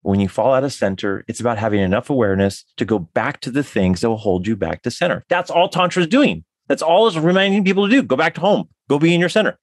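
A man's voice: medium pitch, animated, quick pace, few pauses, dry recording, clean studio sound. A man, a tantric counselor, talks enthusiastically as a podcast guest, often restarting his sentences. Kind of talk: podcast interview.

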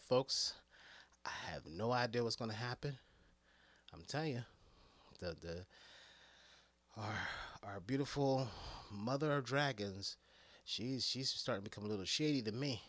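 Comic male ranter, lively up-and-down pitch, laughs a lot, dry close sound. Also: no echo. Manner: animated, laughing often, swinging loud to quiet. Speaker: comedic commentator. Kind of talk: casual comedic rant.

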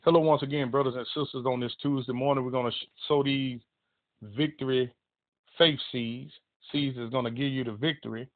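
A man's voice: medium pitch, steady tone, a little fast. A man preaching a broadcast sermon, emphatic and repetitive as he quotes scripture. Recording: tinny phone-line audio.

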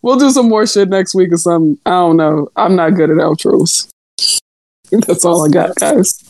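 A woman's voice: fairly low pitch, normal speed, a little mellow, no room sound. A woman co-hosting a casual podcast, talking bluntly and profanely and laughing often. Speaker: podcast co-host. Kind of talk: casual chat.

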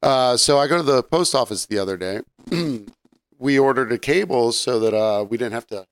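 A man co-hosting a podcast in laid-back casual chat, who laughs often and now and then clears his throat. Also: medium pitch, normal speed, no echo, clean studio sound. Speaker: podcast co-host.

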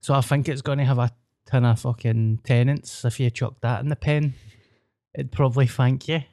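A man with a Glaswegian Scottish accent hosting a podcast, rambling in a casual, sweary, deadpan way. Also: mid-range voice, normal speed, no room sound, studio quality. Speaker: podcast host. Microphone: podcast mic.

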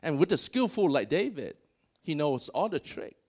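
Animated male preacher. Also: moderate pace. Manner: animated, voice swells on key points and drops low after. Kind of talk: sermon.

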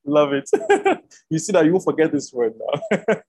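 Animated online bible teacher, husky tone, call mic, keeps repeating words. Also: mid-range voice, unhurried, rough recording. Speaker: preacher. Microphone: video call.

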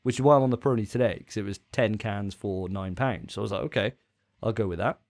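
A man's voice: fairly low pitch, fast talker, a little mellow. A young man co-hosting a podcast, chatting casually with a jokey, self-mocking way of telling stories. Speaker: podcast co-host. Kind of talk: casual chat.

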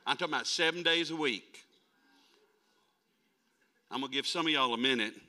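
A man in his sixties from North Dakota, a traveling preacher giving a folksy, animated sermon and calling on the congregation to answer back. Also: medium pitch, normal speed. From North Dakota, USA. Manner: folksy, animated, calls on the crowd to respond.

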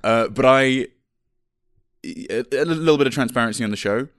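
A man's voice: mid-range voice, moderate pace, a bit bright, clean tone, no echo, clean studio sound. A young adult man co-hosting a podcast in casual chat, telling stories animatedly and slipping into playful voices. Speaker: podcast co-host.

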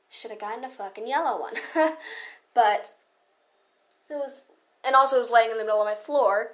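A woman's voice: mid-range voice, fairly bright tone. A teenage girl hosting a podcast, ranting in a heated, profane, casual way with lots of fillers and asides. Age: teens. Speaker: podcast host.

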